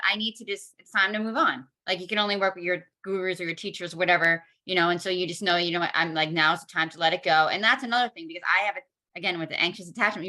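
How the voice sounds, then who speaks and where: A woman guest in a casual podcast chat, an animated storyteller who acts out quoted dialogue. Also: mid-range voice.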